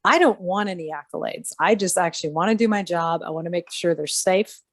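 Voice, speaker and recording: A woman with a fairly low voice co-hosts a relaxed podcast conversation. She talks in an animated way and slips into the voices of people she quotes. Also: fairly quick, dry recording, clean studio sound. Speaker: podcast co-host. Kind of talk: casual chat.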